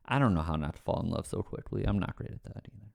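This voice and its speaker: A man's voice: sits low, quick pace, vocal fry, a little mellow. A man on a livestream chatting casually with viewers, ranting, swearing and then apologizing with a laugh. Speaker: streamer answering chat questions.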